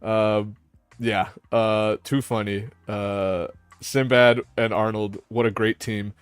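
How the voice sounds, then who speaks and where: A man's voice: lowish voice, flat delivery, slow, clear, resonant tone, dry recording. A man hosting a casual panel chat, rambling, swearing and laughing as he retells scenes. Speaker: host.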